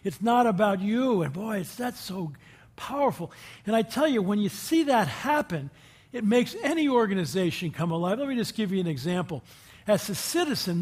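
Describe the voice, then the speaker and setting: A man's voice: high-pitched, a little mellow, slightly rough. A man giving an inspirational talk to a live audience, telling anecdotes in a folksy way and putting questions to his listeners. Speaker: guest speaker addressing a group.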